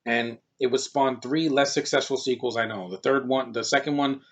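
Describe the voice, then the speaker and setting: A man's voice: medium pitch, moderate pace. A man in his thirties giving a rambling, casual movie review, jumping from one aside to the next. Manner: rambling, digressive. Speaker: film reviewer. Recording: dull lo-fi recording.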